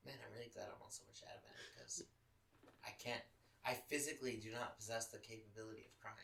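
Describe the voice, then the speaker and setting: A man's voice: fairly low pitch, steady tone, quick pace, vocal fry, bright, forceful tone, roomy sound, recorded from a distance, slight background noise, rough recording. A man from Los Angeles hosting a podcast, telling a personal story in casual chat, candid and full of swearing. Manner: profane, candid, emotional storytelling. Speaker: podcast host.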